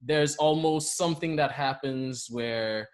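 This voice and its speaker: A man's voice: medium pitch, a little slow. Saint Lucian man telling stories. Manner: animated, laughing storyteller. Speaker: podcast host. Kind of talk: conversational storytelling.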